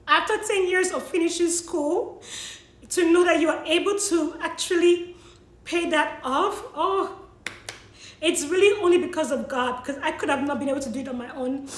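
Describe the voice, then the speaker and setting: A woman's voice: high-pitched, normal speed, reverberant. A young woman vlogging about paying off her loans, teary and sniffling, apologizing and laughing through her tears. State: tearful, sniffling. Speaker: vlogger sharing money tips. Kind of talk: emotional personal vlog.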